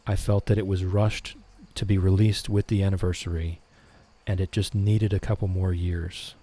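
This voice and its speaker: A middle-aged man hosting a relaxed live stream, reading viewer comments aloud and answering them. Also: sits low, normal speed, husky.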